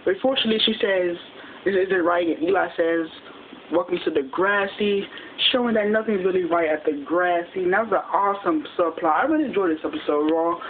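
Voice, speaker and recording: This casual episode recap comes from a TV reviewer with a medium-pitched voice, delivered quickly and ramblingly with frequent restarts. The sound is thin, like a phone, and a faint hiss runs beneath it.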